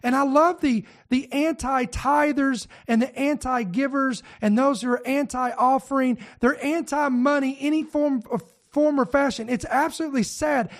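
Emphatic man preaching a sermon. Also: very high-pitched. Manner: emphatic, repetitive preaching with restarts.

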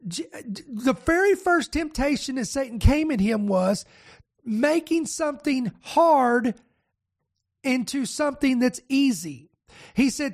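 Brief: high-pitched pastor, fervent sermon delivery, punches points with "come on", reads scripture aloud. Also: expressive, measured pace. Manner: impassioned, repeats "come on" for emphasis.

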